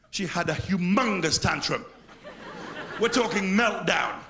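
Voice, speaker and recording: A middle-aged English man performing a live stand-up routine, animated, swinging between loud bursts and low mutters. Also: a little slow. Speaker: stand-up comedian.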